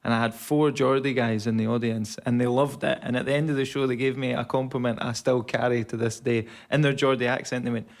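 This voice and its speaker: A man's voice: mid-range voice, flat delivery, a little fast, hardly any pauses. A male comedian on a panel show, telling a self-deprecating story in an easygoing way.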